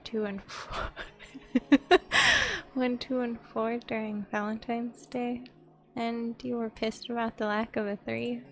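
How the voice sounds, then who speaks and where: A woman voicing a gentle, hushed woman boss grieving her sister in a story game. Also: fairly high pitch, vocal fry.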